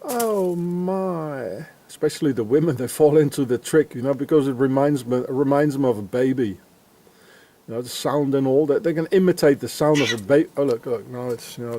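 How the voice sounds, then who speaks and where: A man rambling in a sardonic monologue while feeding cats, often dropping into low muttered asides. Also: dark tone. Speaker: vlogger.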